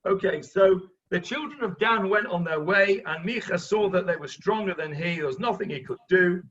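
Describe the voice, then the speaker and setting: A man teaching a Bible class as a rabbi, explaining the text in lively fashion and acting out what the characters say. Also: high voice, normal speed, dull audio. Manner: lively, acts out voices of the characters, interrupts the reader.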